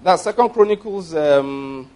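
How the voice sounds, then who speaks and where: A man preaching a sermon, emphatic and questioning, reading scripture aloud slowly and forcefully. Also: on the high side, expressive. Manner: emphatic, rising and falling with stress, asks the congregation questions.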